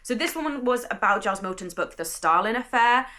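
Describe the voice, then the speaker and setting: Chatty bright-voiced British woman. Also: fairly high pitch, lively intonation, fairly quick. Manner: chatty, enthusiastic, rambling. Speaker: vlogger, bookseller. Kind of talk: casual vlog narration. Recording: staticky audio.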